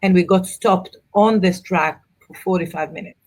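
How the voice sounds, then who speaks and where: A middle-aged woman, an author and mother of four, chatting in an interview and telling travel stories with animated asides. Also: fairly low pitch. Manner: animated storyteller, quick asides. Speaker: author and guest. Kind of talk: casual interview chat.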